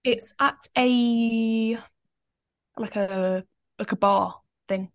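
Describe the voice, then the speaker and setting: A woman's voice: a little high, steady tone, very slow. A young woman co-hosting a podcast, chatting casually in a bubbly way and laughing often. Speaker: podcast co-host. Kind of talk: casual chat.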